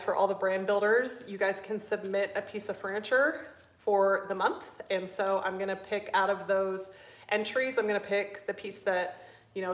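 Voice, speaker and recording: A middle-aged woman hosting a live stream, chatting with her viewers in a fast, bubbly way and running out of breath. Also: mid-range voice. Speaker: host. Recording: echoey room.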